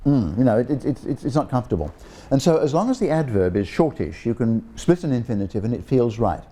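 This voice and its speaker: A man's voice: mid-range voice, very animated, brisk, warm tone. An older man, a professor giving an informal public talk, genial and digressive, with frequent restarts and ums. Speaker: guest speaker, linguistics professor. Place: room with an audience of guests.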